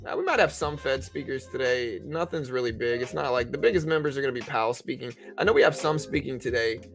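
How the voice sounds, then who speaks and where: A man's voice: mid-range voice, fast talker, vocal fry, a bit bright, soft background music. A man giving rambling, casual live-stream commentary on trading, talking to his viewers with lots of fillers. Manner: rambling, conversational, full of fillers.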